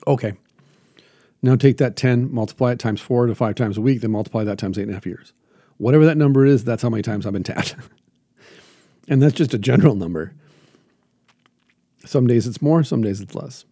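A man's voice: medium pitch, quick pace, pauses often, dark tone, dry recording, clean studio sound. A man hosting a reflective motivational monologue as a jiu-jitsu teacher, earnest and emphatic with lots of repetition.

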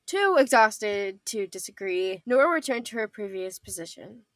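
A young woman narrating an audio drama in a gentle, soft way. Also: mid-range voice, expressive, normal speed, no room sound. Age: young adult. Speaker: narrator and voice actor. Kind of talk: fan audio drama reading.

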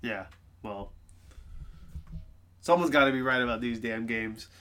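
A man chatting football picks on a podcast, his voice bright and forward. He talks in a lively, animated way, groaning and sighing in exasperation. His pitch sits in a middle range for a man. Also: unhurried. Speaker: podcast co-host. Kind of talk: casual sports chat.

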